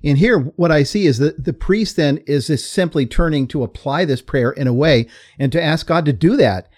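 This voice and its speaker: A man's voice: on the high side, moderate pace, a little mellow. A man on a podcast panel giving thoughtful commentary, repeating words as he gathers his thoughts. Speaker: co-host. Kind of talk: reflective commentary.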